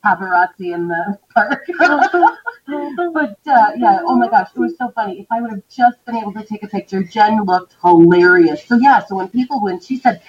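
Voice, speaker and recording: A woman co-hosting a podcast, telling stories in a casual, giggly, animated way. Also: medium pitch, normal speed, far from the mic, highs cut off, a crowd in the background. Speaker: podcast co-host. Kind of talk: casual storytelling chat.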